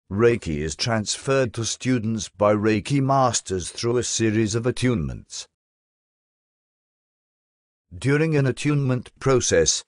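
A man giving a scripted narration, reading in a slow, measured, soothing way. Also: fairly low pitch, no room sound, clean studio sound.

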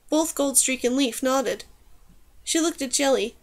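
A woman narrating a fantasy novel aloud as an audiobook reader, with steady, even storytelling. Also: high-pitched, unhurried. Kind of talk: scripted narration.

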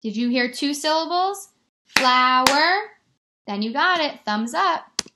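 A woman teacher giving a remote lesson to young children, stretching words out slowly and encouraging them. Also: high-pitched, lively intonation, background noise. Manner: slow, exaggerated word-stretching, encouraging.

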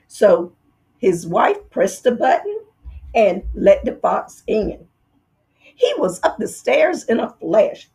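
Woman storyteller for a kids' read-aloud: slow, expressive, lots of pitch movement. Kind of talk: children's book read-aloud.

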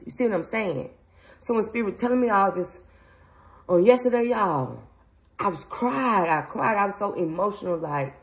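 A woman's voice: mid-range voice, rough recording. A woman, rambling emphatically to her viewers in a casual spiritual vlog. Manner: rambling, emphatic, frequent laughs, addresses viewers as y'all. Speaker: psychic medium channel host.

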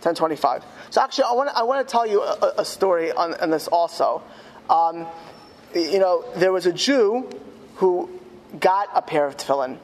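A man, a rabbi, telling a story in a speech to school students. He slows down emphatically on key words. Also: high voice, animated, in a large hall, slight background noise. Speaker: rabbi giving a talk at a school. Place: school hall.

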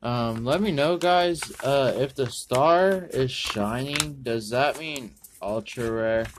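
A man rambling through a pack opening, correcting himself and using many ums and uhs, with sudden bursts of excitement. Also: medium pitch, takes it slowly, noisy background. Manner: bursts of excitement over good pulls. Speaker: card-opening video host. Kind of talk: casual pack-opening commentary.

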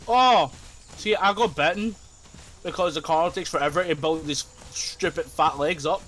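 A man chatting with a friend while playing a game, excitable and animated. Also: a little high, moderate pace, a little hiss or hum. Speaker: gamer. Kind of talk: casual chat while gaming.

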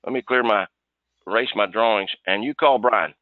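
Folksy sales coach on a tinny line. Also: male voice, fairly low pitch, normal speed, no echo. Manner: folksy, repeats "okay" often. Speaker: sales trainer. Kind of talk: coaching trainees on a video call. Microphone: video call. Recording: dry, tinny phone-like line.

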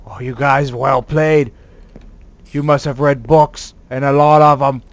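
A man doing let's play commentary as a gaming host, excitable and quick to swear, yelling at sudden scares and bragging playfully. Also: mid-range voice, slight background noise. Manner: playfully boastful.

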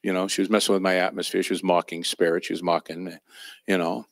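A man's voice: sits low, little pitch movement, quick pace, no room sound, clean studio sound. A man teaching at a church training session, telling personal ministry stories in a conversational, anecdotal way with fillers and chuckles. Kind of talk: storytelling sermon.

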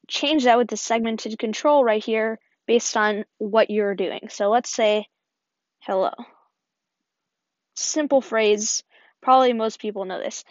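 Tutorial host: woman with a higher voice, upbeat step-by-step walkthrough, dry lo-fi recording. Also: no room sound. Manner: step-by-step, upbeat, often says "perfect". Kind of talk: screen-recording app tutorial voice-over. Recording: dull, dry lo-fi voice-over.

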